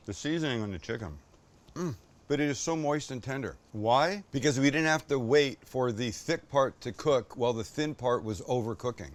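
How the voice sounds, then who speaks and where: A man hosting a casual cooking show in a kitchen, enthusiastic and joking, swearing casually as he cooks. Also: medium pitch.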